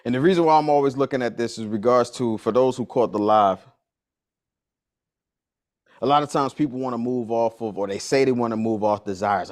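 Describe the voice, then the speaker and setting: A man's voice: medium pitch, brisk, darkish tone. Slangy, repetitive male workshop coach. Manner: casual and slangy, repeats key lines for emphasis. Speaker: business coach leading a workshop. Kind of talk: motivational workshop talk.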